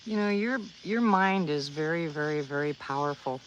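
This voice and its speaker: A woman's voice: deep voice, lively intonation, normal speed, muffled recording, a little hiss or hum. Rambling woman chatting outdoors at night. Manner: rambling, earnest, restarts often. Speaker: livestream vlogger. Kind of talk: casual storytelling to viewers.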